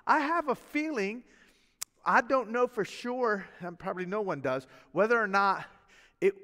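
Man, pastor, sermon, high voice, folksy chatty asides, reverberant church hall. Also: unhurried. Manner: folksy, animated preaching with chuckles and asides. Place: church sanctuary.

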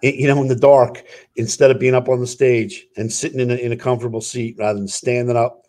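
Man, South Jersey accent, comedian guest, halting, earnest, lots of fillers, mid-pitched voice. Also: level tone, dark tone. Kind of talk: casual interview chat.

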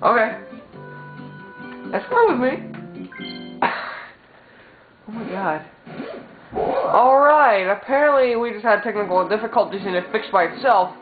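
A man's voice: sits high, unhurried, pauses often. A man giving casual gameplay commentary, rambling and stumbling over restarts. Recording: tinny, echoey, loud game music.

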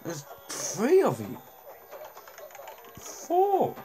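A man's voice: medium pitch, expressive, measured pace, a little mellow. A young man casually commenting on a mobile game as he plays, talking to himself and reacting to what happens on screen. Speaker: gaming channel host.

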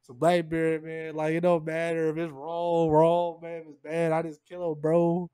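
Slangy high-voiced man recapping casually. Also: completely flat delivery, normal speed, dark tone, clear, resonant tone, dry recording, clean studio sound. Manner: slangy, loose, peppers lines with "man" and "bro". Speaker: manga chapter reviewer.

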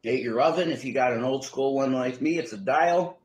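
In an echoey room, a man with a mid-range voice demonstrates a home recipe at normal speed. He's a home cook making a casual cooking video, and his talk wanders with fillers and false starts.

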